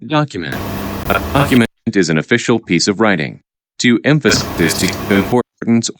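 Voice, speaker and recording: A man reading out vocabulary words and their definitions, halting and repeating each word after explaining it. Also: fairly low pitch, lively intonation. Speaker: vocabulary teacher. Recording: noisy recording with clicks.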